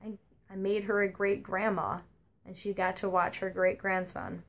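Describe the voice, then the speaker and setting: A woman's voice: mid-range voice, flat delivery, normal speed, creaky. A woman giving a eulogy for her grandmother, telling anecdotes in a conversational, wry way at a funeral service. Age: adult. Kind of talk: humorous eulogy storytelling.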